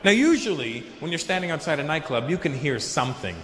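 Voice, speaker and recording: A man doing stand-up comedy on a large arena stage, telling a story with lively acted-out dialogue and frequent swearing. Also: on the high side, fast. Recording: echoey arena recording.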